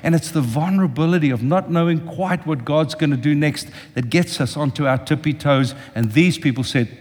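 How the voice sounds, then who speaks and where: An older male preacher delivers a passionate sermon, pleading directly with his congregation. His fairly high voice rings out with a long reverb through a large church hall. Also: moderate pace, few pauses, a little mellow. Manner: impassioned, speaks directly to the congregation.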